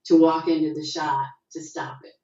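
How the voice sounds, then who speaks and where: Middle-aged actress guest, low mellow voice, animated raconteur, dull roomy video-call sound. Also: female voice, moderate pace. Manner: animated storyteller, acts out quotes with rising pitch. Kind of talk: casual interview over video call.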